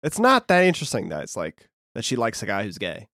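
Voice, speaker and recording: Young male co-host, dry deadpan wit, swooping voice, dry close sound. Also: fairly low pitch, dry recording. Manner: deadpan, reads summary slowly and haltingly. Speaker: podcast co-host. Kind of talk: casual chat recapping a film.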